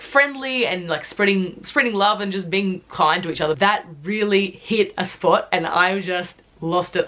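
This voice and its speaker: A young woman from Australia in a casual storytime vlog, retelling events in a chatty, animated way full of filler words. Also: on the low side. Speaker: YouTuber telling a story.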